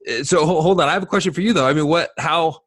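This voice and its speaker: A man's voice: on the high side, quick pace, fairly bright tone, dry recording, studio quality. A man co-hosting a podcast, joking in upbeat casual banter. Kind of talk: casual chat.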